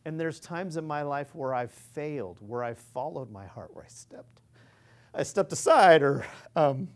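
A man's voice: fairly high pitch, animated, a little slow. A man giving an informal, earnest sermon, rambling and restarting his sentences as he goes. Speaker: preacher.

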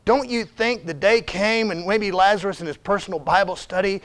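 Guy preaching in church, pretty high voice, keeps going "come on now", real emphatic. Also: normal speed, fairly bright tone. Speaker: visiting missionary preacher. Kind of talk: sermon. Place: church sanctuary.

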